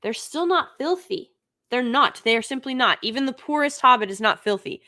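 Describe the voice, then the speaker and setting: A woman's voice: high voice, lively intonation, normal speed, sharp tone. A woman hosting a live-streamed TV review, talking off the cuff, emphatic and exasperated, repeating her points again and again. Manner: exasperated, critical.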